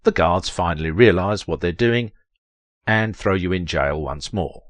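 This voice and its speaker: A man's voice: lively intonation, measured pace, no room sound. A man narrating a text adventure in a theatrical, dramatic reading voice. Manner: theatrical, leaps to high strained pitch on quoted lines.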